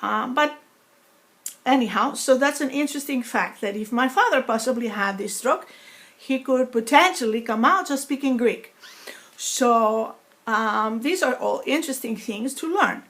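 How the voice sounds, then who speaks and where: Woman with a foreign-sounding accent, vlogging, slightly high voice, stops and starts a lot. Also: a bit bright. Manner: halting, with many pauses and fillers. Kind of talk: personal vlog talk.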